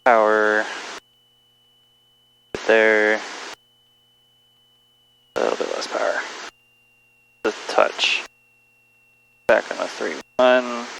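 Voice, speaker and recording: A man's voice: fairly low pitch, steady tone, extremely slow, gravelly, pauses often, sharp tone, a little hiss or hum, low-quality recording. A young man, a student pilot, talking through his flight steps on a headset intercom and joking with his instructor. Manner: jokey, laughs often, calls out steps aloud. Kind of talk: cockpit commentary during a training flight. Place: small plane cockpit.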